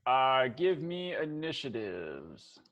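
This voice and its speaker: A man's voice: medium pitch, sing-song, slow, lo-fi sound. A man running a tabletop game as dungeon master, laughing often and talking loosely with lots of fillers.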